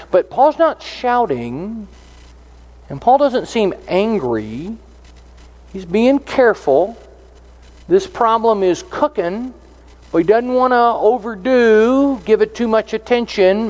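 A man delivers a sermon in an earnest, teaching manner, walking through scripture verse by verse. His voice sits fairly high for a man. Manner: earnest, explanatory, reads scripture aloud. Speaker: preacher.

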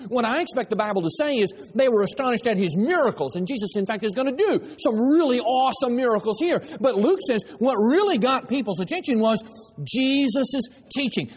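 Man, pastor, sermon, emphatic, high-pitched, echoing hall. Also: husky. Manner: emphatic, varied delivery with dramatized voices.

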